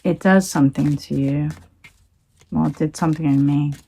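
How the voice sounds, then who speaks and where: A woman's voice: deep voice, steady tone, normal speed, gravelly, warm tone, slightly rough. A woman talking into her phone in a rambling, emphatic monologue, swearing when she gets heated. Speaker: tarot reader.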